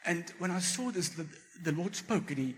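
Male preacher, animated storyteller, slightly raised pitch, faint room noise in the recording. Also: normal speed. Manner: animated storytelling, acts out quoted voices. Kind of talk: sermon with personal testimony. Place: church.

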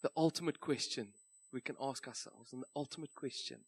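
A man with a South African accent preaching a church sermon in a relaxed, conversational storytelling manner. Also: mid-range voice, fairly quick, vocal fry, breathy edge. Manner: conversational storytelling, light laughs. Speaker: pastor.

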